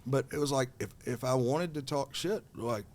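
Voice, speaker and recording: A man's voice: mid-range voice, moderate pace. A middle-aged man telling a story as a podcast guest, swearing freely and heated as he talks. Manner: profane, heated, animated. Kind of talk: casual storytelling.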